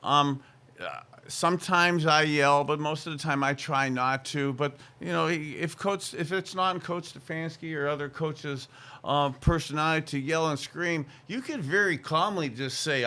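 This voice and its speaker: A man's voice: on the high side, moderate pace, sharp tone. A middle-aged man, a former quarterback, co-hosting a sports talk show in an emphatic, rambling way that repeats phrases.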